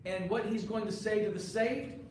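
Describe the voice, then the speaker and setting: A man's voice: high-pitched, fairly even intonation, normal speed, a little mellow, a little hiss or hum. Male pastor preaching, chatty, keeps asking the crowd stuff, super echoey church sound, mic kinda far. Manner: conversational preaching, asks the congregation questions. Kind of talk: sermon. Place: church sanctuary.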